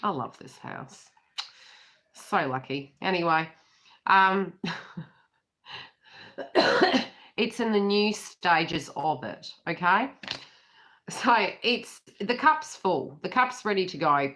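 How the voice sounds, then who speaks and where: A woman's voice: lowish voice, expressive, slow pace, pauses often, a bit bright. A middle-aged Australian woman giving a casual tarot reading, chatty and giggly and swearing freely, with birds calling behind her. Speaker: psychic tarot reader.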